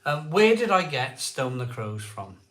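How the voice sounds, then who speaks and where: An excitable man hosting a casual live stream, chatting with viewers, repeating himself and laughing often. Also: mid-range voice, a little slow, roomy sound. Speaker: live-stream beer show host. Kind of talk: casual live chat reading viewer comments.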